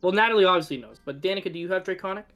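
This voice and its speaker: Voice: medium pitch, rapid-fire, a bit bright, soft background music. A game master narrating a tabletop game in a chatty, loose way with many fillers.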